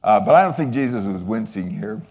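An older man giving a sermon-style testimony, earnest and halting, with frequent pauses and restarts, and a sentimental streak. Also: on the low side, expressive, a little mellow, long reverb tail. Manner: sentimental, voice wavering with feeling. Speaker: lay speaker sharing a testimony.

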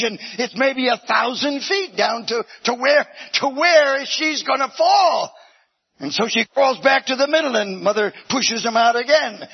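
A male preacher with a very high, husky voice tells a story in an animated way and often bursts into shouting. The recording is dull and lo-fi. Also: normal speed. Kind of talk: sermon.

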